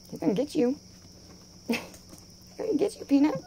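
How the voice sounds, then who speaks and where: Very animated and unhurried, a woman with a high, warm voice and vocal fry uses sing-song baby talk with the wild animals she rehabilitates, laughing often as she films them on her phone. There is slight background noise.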